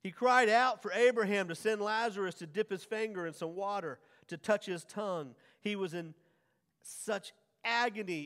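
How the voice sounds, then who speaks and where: Guy pastor preaching, kinda high voice, big swings from quiet to loud, long church echo. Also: clear, resonant tone. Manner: dramatic swings from hushed to loud, drawn-out emphasis. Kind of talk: sermon. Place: church sanctuary. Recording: long church hall reverb.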